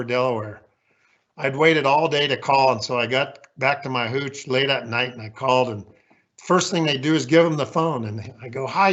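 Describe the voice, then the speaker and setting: A man's voice: mid-range voice, fairly bright tone, muffled recording. A man in his sixties giving a candid, folksy, self-deprecating leadership talk with slides as a guest speaker.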